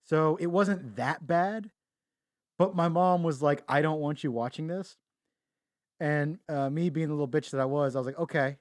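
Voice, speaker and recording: A man's voice: on the high side, normal speed, no room sound, studio quality. A young man co-hosting a podcast, talking casually, joking, laughing and swearing. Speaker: podcast co-host. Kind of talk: casual chat.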